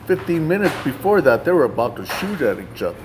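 Animated man telling a story. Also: fairly high pitch, fast talker, slight background noise, low-quality recording. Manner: animated storyteller, acts out dialogue, laughs often. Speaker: guest telling his ministry story. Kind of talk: casual storytelling interview.

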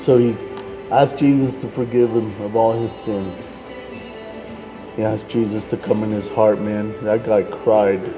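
A man's voice: lowish voice, steady tone, measured pace, over music, low-quality recording. A man working as a street minister, telling a personal story in a casual way, with lots of "like" and "man".

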